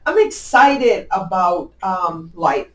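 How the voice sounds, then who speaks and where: Upbeat middle-aged woman in echoey room. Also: takes it slowly. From Illinois. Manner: emphatic and upbeat, with lively swings in pitch and loudness and frequent restarts. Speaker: county clerk, interview guest. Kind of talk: conversational interview answers. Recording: echoey room, mic at a distance.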